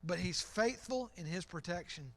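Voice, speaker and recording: A man's voice: high voice, lively intonation, normal speed, creaky. A middle-aged man preaching in church as pastor, earnest and conversational, often repeating his phrases. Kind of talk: sermon.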